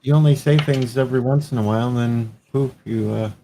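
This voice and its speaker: A man's voice: mid-range voice, fairly even intonation, fairly quick, creaky, warm tone. A man in casual chat, easygoing and reassuring.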